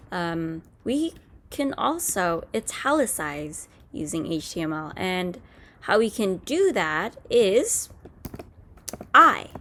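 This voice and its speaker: A woman walks through a screen-recorded coding lesson in an easygoing, conversational way. She pauses on fillers and corrects herself as she goes, and her voice sits at an ordinary middle pitch. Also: fairly bright tone. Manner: casual, explanatory, with fillers and self-corrections. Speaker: coding tutorial host.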